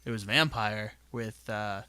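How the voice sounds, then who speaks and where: A man's voice: on the low side, measured pace, sharp tone, clean tone, dry recording. A man in a tabletop gaming group, chatting casually and rambling with lots of fillers. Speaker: player in the gaming troupe.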